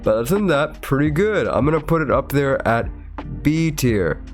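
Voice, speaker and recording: A man's voice: medium pitch, big pitch swings, moderate pace, faint music behind. A man with a cold and a slightly nasal voice, chatting casually as a VTuber host while ranking foods. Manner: chatty and rambling, with chuckles. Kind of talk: casual chat, rating foods on a tier list. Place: his room.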